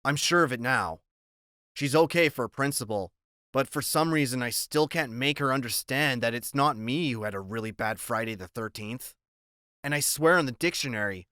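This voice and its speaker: A man's voice: mid-range voice, pushed and bright, no echo, clean studio sound. A man narrating an audiobook in the first person, in a plain, conversational storytelling manner.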